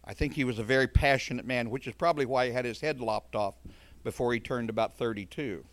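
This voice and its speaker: A man's voice: mid-range voice, fast talker, dry recording. A man preaching a verse-by-verse sermon, earnest and emphatic, breaking off into conversational asides.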